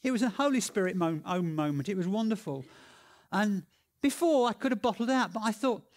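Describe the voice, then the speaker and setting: A man telling stories in a sermon, animated and excitable, with lots of restarts and repeated words. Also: sits high, fairly quick. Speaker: preacher. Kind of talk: sermon storytelling.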